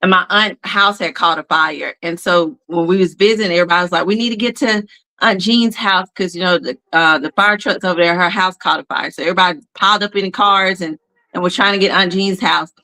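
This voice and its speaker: A woman with a bright, forceful voice tells family stories on a podcast. She is animated, jumping into little impressions of crying and scolding. It is easygoing, chatty storytelling. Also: lowish voice, fairly quick, low-quality recording. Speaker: parent telling family stories. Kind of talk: casual podcast chat.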